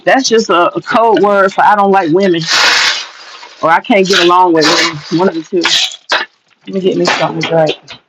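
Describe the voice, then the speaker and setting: A woman's voice: on the low side, steady tone, moderate pace, long pauses, very noisy. A woman chatting casually on a livestream from her home kitchen, blunt and profane, rambling from one story to the next. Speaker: livestreaming vlogger. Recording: slightly dull lo-fi livestream audio.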